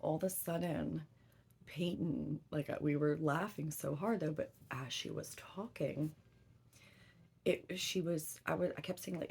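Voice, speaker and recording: A woman's voice: lowish voice, unhurried, gravelly, darkish tone, slightly rough. A woman in her thirties telling a long story in casual chat, rambling and swearing freely. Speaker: tarot reader.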